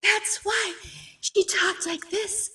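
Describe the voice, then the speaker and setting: A woman putting on a breathy, slow, cooing voice of an old-movie screen star. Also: very high voice, fairly even intonation, bright, forceful tone, recorded from a distance, pitched above the performer's own voice, heavily acted. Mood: sultry.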